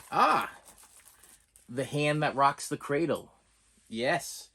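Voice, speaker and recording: A middle-aged man hosting a casual movie unboxing video, talking in a rambling, excitable way and often repeating words and restarting his sentences. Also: a little high, takes it slowly, long pauses, slight background noise. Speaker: movie unboxing channel host.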